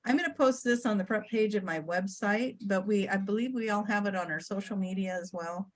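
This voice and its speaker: A woman's voice: mid-range voice, fairly quick. A woman guest on a podcast, chatting casually and upbeat, promoting an event in a rambling way. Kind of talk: casual chat.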